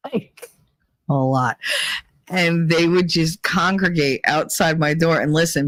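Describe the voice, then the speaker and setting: A man's voice: a little high, a bit bright, dry recording, rough recording. A middle-aged man from New Jersey with a New Jersey accent, hosting a live stream in rambling, profane casual chat, laughing often. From New Jersey, USA.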